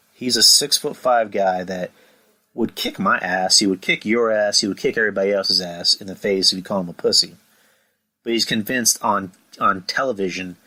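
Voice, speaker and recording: Lower-voiced man ranting on a podcast. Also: poor audio. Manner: profane, rambling and animated. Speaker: podcast host. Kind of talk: casual wrestling review podcast.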